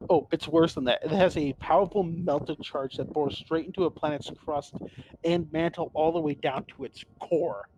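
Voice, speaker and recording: A man's voice: a little high, steady tone, moderate pace, warm tone, rough recording. A man hosting a casual lore podcast, enthusiastic and profane, quizzing his co-hosts. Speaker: podcast host.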